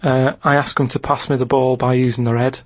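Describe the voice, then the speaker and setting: A man's voice: medium pitch, flat delivery, dry recording. A man with a Manchester accent chatting casually on a comedy podcast, rambling and restarting his sentences. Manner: rambling, repeats himself, halting restarts. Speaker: regular guest, diary and quiz reader. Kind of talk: casual comic chat. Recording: muffled dry studio sound.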